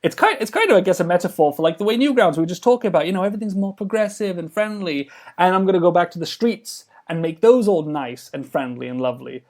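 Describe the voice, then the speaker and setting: A man with a fairly high voice chatting in a casual podcast interview. He rambles, trips over restarts and leans on fillers while explaining a game he is building. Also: expressive, quick pace, few pauses, a little mellow. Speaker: game developer guest.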